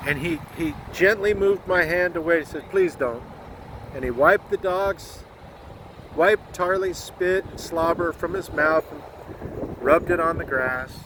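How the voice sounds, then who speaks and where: An American man with a somewhat high voice tells a heartfelt story outdoors, his voice close to breaking. He is earnest and blunt, and he swears now and then. Loud wind noise hits the microphone throughout. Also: measured pace. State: close to tears. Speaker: truck driver vlogger. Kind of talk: emotional storytelling vlog.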